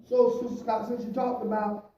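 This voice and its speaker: A man, a pastor, preaching at a Bible study, swinging between loud emphasis and quiet asides, often adding "praise the Lord" and "hallelujah". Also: high-pitched, flat delivery, normal speed, lo-fi sound, a little hiss or hum. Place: church. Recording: echoey church from a distant mic.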